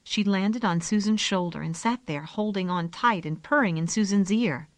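A woman narrating a children's storybook in a calm, gentle way. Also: mid-range voice, normal speed, dry recording. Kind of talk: storybook reading.

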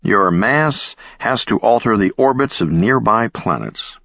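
A man voicing a deadpan, sardonic club owner. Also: fairly low pitch, a little slow, vocal fry, dry recording, dull audio, heavily acted.

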